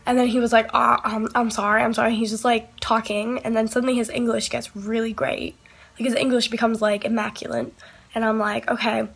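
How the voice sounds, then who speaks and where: A woman's voice: on the high side, fairly even intonation, fairly quick, creaky. A young woman vlogger telling a story in a chatty, swearing way, acting out both sides of her phone calls. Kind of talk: casual storytime vlog.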